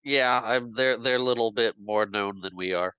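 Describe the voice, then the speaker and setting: A man's voice: fairly low pitch, normal speed, bright, forceful tone, clear, resonant tone, no echo, dull audio. A man co-hosting a podcast, chiming in with short agreements and jokes and chuckling a lot. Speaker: podcast co-host. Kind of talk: casual movie recap chat.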